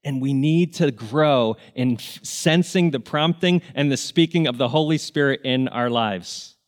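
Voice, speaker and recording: A man's voice: medium pitch, unhurried. A man preaching a sermon, telling stories in an earnest, emotional way. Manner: earnest, emotional, tearful at moments. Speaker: pastor. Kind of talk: sermon storytelling.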